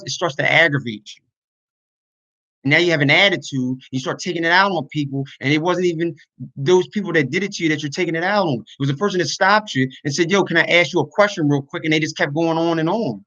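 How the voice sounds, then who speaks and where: A man speaks earnestly to his online viewers in a casual livestream, airing his frustration. His voice sits a bit higher than most men's. The stream audio is dull and lo-fi. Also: quick pace, pushed and bright. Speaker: YouTuber and podcaster.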